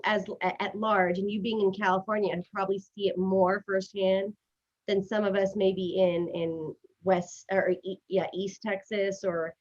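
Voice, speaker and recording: Chatty woman hosting a lo-fi live stream. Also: medium pitch. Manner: fast, chatty, self-deprecating, giggly. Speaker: host. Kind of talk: casual live-stream chat. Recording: dull lo-fi stream audio.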